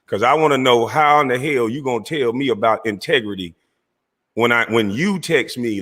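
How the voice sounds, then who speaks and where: A man's voice: medium pitch, moderate pace, sharp tone, long reverb tail. A man hosting his own livestream, delivering a heated, mocking call-out aimed straight at a rival. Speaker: livestream host. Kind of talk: confrontational call-out rant.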